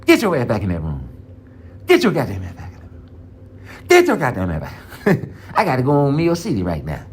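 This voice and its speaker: A man doing a gruff, threatening father. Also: medium pitch, huge pitch swings, brisk, slight background noise. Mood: scolding. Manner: barking, bossy, street slang. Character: gruff threatening father scolding his adult son.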